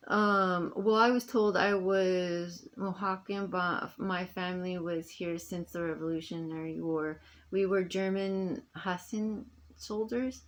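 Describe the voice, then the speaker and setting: A woman's voice: on the low side, steady tone, takes it slowly. A woman talking straight to her phone in a rambling personal monologue, emphatic and full of restarts that trail off. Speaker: vlogger.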